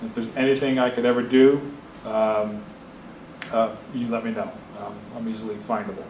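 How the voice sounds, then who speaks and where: A man's voice: lowish voice, level tone, normal speed, darkish tone. Businessman guest lecturer, forties, candid storyteller, roomy hall with faint hiss. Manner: candid, anecdotal, openly emotional. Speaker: guest speaker. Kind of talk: lecture to students. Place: university lecture room.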